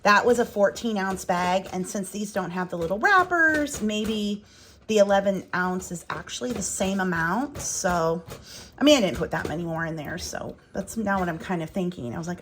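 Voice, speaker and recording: A woman's voice: medium pitch, sing-song, moderate pace, slight background noise. Chatty, rambling woman vlogger. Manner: rambling, chatty, thinking aloud. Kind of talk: casual home vlog chat. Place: home kitchen.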